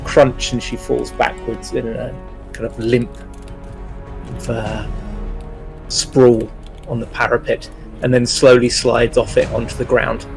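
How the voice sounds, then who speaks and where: A man at a tabletop game describes his character's moves in a gravelly voice. He talks slowly and hesitantly, stopping for ums and uhs. Soft music plays behind him. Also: mid-range voice, little pitch movement. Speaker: player.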